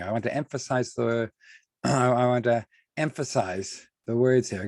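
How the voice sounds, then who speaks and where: A man leads an online class over a video call, speaking at an unhurried, measured pace. He often repeats and restarts words and leans slowly on key terms. His voice is mid-pitched and the sound is dry, with almost no room echo. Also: a little mellow. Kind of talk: online lecture with screen sharing.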